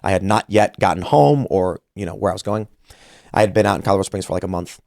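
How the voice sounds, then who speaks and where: A man's voice: sits low, fast, gravelly, a little mellow, no echo, clean studio sound. A man in his thirties hosting a podcast, telling a story casually and animatedly, acting out the voices he quotes. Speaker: podcast host.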